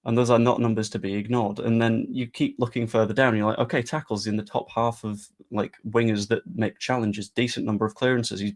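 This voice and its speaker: A man's voice: fairly low pitch, level tone, brisk, few pauses. A man talking casually about football transfers, chatty and sarcastic. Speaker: football fan vlogger. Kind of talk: casual live-stream chat.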